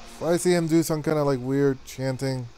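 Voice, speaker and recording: A man playing a tabletop game, suspicious and quick to swear. His voice sits in a middle range, with faint room noise behind. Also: mid-range voice, steady tone. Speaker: player. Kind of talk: tabletop game role-play.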